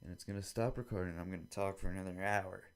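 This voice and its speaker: A man's voice: sits low, steady tone, very fast. A young man hosting a solo podcast, rambling casually and acting out both sides of made-up conversations, with some swearing. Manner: rambling, acts out both sides of imagined dialogues; casual and profane. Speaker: podcast host.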